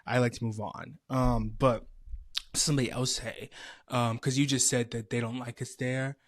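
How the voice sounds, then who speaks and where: A young man co-hosting a podcast, talking in an animated, playful, rambling way. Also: mid-range voice, moderate pace, no room sound, clean studio sound. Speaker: podcast co-host. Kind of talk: casual podcast chat.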